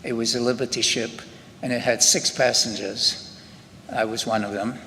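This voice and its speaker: An older man from Scotland with a Scottish accent, giving halting personal testimony at a memorial ceremony, often restarting his sentences. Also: mid-range voice, steady tone, pushed and bright. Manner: unhurried, halting, with frequent restarts. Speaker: Holocaust survivor speaker. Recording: long hall reverb with faint ambient noise.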